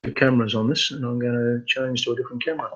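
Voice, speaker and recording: A man hosting a casual live computer training webinar, talking in a halting way with many fillers and restarts. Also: medium pitch, fairly even intonation, highs cut off.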